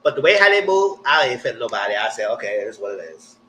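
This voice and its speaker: A young man, hosting a live reality TV recap in casual commentary with animated, exaggerated re-enactments. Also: mid-range voice, quick pace, slight background noise, rough recording.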